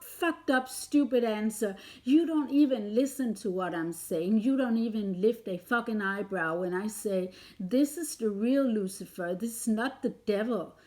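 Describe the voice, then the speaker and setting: A woman vlogger delivering a heated, confrontational rant straight at her listener, swearing often. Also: medium pitch. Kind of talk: angry direct-to-camera rant.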